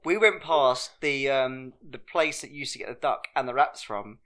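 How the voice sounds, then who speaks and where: A man's voice: medium pitch, moderate pace, a bit bright. A man co-hosting a podcast, trading jokey banter in a pub. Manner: joking banter, calls people mate. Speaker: podcast co-host. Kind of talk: casual pub chat.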